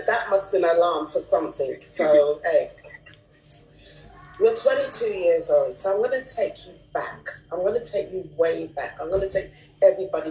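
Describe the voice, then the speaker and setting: Low, echoey woman sharing a testimony. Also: a little mellow, recorded from a distance. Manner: reflective, with many fillers. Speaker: guest speaker. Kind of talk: personal testimony on a video call. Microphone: video call. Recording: echoey room.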